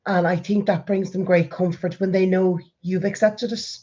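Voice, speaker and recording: A woman in her forties with an Irish accent, chatting casually as a vlogger and telling stories in a lively way. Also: on the low side, normal speed, dull audio. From Ireland. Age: 40s. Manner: lively storyteller, acts out quoted voices. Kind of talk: casual chat.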